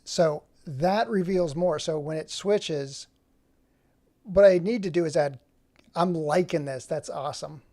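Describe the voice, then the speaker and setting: Gravelly man rambling on a livestream. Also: fairly high pitch, unhurried, dark tone. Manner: rambling, self-interrupting. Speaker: livestream host. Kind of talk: casual livestream chat.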